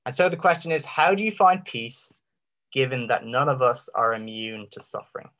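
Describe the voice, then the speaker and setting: A man giving an impassioned Christian apologetics talk, full of rhetorical questions and dramatic pauses. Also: medium pitch, a bit bright. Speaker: Christian speaker.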